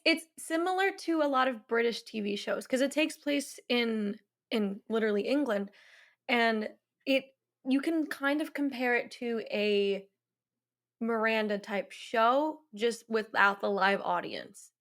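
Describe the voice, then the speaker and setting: A woman's voice: on the high side, unhurried, a bit bright. A woman co-hosting a film podcast, talking earnestly in casual chat. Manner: earnest, repeats "I really hope". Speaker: podcast co-host.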